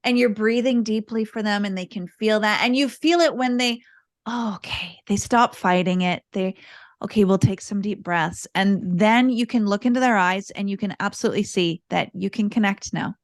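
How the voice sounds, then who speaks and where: A woman speaking as a podcast guest, explaining parenting steps calmly and often repeating words as she thinks. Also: medium pitch, moderate pace, no room sound, clean studio sound. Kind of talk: casual interview talk.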